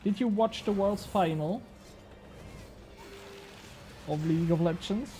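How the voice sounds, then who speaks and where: A man's voice: sits high, slow, warm tone, slight background noise. A young man streaming a game, chatting casually and bantering with his chat, swearing now and then.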